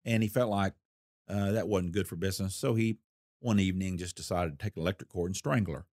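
A man's voice: sits low, fast talker, darkish tone, no room sound, clean studio sound. A man, a former federal investigator, telling a case story in a folksy, plain-spoken interview manner and acting out the voices he quotes.

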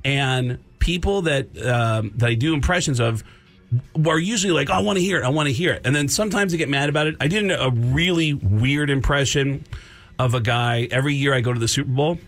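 Brief: male comedian guest, animated storyteller, mid-pitched voice. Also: normal speed, soft background music. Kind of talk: casual radio talk.

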